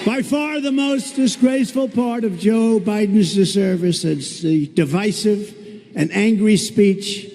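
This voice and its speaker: A man delivers a campaign rally speech, repeating himself and mocking his rivals. His voice is high for a man yet dark in tone. It rings out with a long reverb across a large hall, over faint ambient noise. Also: measured pace, gravelly. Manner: repetitive, boastful, mocking. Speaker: political candidate at a rally. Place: large indoor venue with a crowd.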